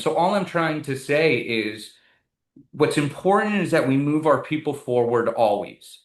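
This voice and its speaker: A man speaking as a guest in an interview, an animated and emphatic storyteller. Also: fairly high pitch, unhurried, reverberant. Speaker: guest, community advocate. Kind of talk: conversational interview.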